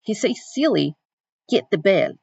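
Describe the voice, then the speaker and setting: A woman reading aloud as Celie, a quiet and enduring young woman, telling her own story in the first person on a dull, dry recording. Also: medium pitch, big pitch swings, unhurried, gravelly, slightly rough, dry recording, voice pushed up, heavily acted.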